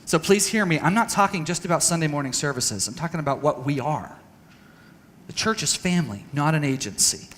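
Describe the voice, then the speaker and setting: A man giving an earnest, halting talk to a church audience, telling a personal story and acting out conversations. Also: on the high side, a bit bright, big-room sound, a little hiss or hum. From United States. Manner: earnest, halting with restarts, acts out dialogue. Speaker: speaker at a church training session. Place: church hall.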